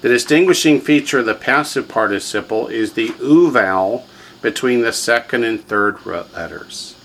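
A man's voice: mid-range voice, normal speed, a bit bright, a little hiss or hum, poor audio. A man teaching a classroom lesson, drilling students with repetition and quiz questions. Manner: drills students, has them repeat words, quizzes them. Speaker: language teacher.

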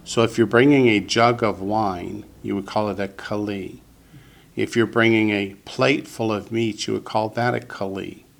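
Patient and unhurried, a male teacher goes through Hebrew vocabulary with a class, saying every word again for the students. His voice is lowish and creaky.

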